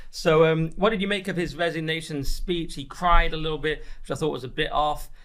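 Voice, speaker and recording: A man hosting a political podcast from a studio, with brisk, wry, casual delivery. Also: a little high, steady tone, a bit bright. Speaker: podcast host.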